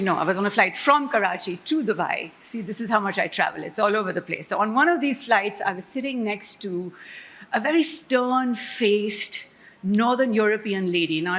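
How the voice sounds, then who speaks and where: Brief: woman, conference panelist, chatty and self-deprecating, mid-pitched voice. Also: fairly bright tone. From Pakistan. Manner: conversational, self-deprecating storyteller. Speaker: economist panelist. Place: conference stage before an audience.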